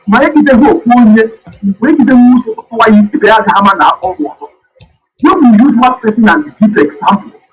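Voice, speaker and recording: A man's voice: extremely high pitch, poor audio. A man calling into an online show, agitated and raising his voice as he argues. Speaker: caller. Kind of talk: heated call-in commentary.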